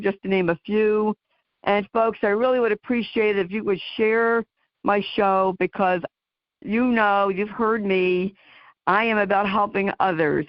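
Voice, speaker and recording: Halting New Jersey woman radio host. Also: mid-range voice, no room sound, muffled recording. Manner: halting, full of ums and you knows. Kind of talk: talk radio interview.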